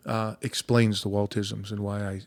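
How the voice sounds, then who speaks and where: A man's voice: fairly low pitch, level tone, moderate pace, a little mellow, no room sound. Talkative podcast host man, dry close sound. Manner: talkative, swears casually, storytelling with restarts. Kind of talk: casual conversational interview.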